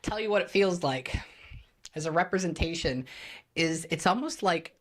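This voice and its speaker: A young woman with a low, deep-set voice tells her story as a podcast guest. She talks casually and vividly, acting out the voices and sounds she describes as a medium. The conversation is loose and spontaneous. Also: moderate pace. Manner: animated storytelling, acts out voices and pings.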